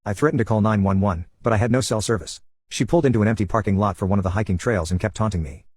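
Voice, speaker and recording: Man, quick scripted story narration, slightly husky, lowish voice, dry close sound. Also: no room sound. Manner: rapid, steady first-person telling.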